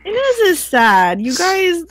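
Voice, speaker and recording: A woman's voice: very high voice, wildly swooping pitch, slow pace, fairly bright tone. A woman playing her character in a tabletop game, talking casually with laughs and casual swearing. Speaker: player.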